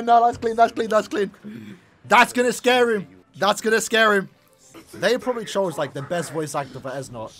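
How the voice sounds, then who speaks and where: A young man hosting an anime reaction, casual and slangy, breaking into excited exclamations and shouts. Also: extremely high pitch, unhurried. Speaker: anime reaction channel host.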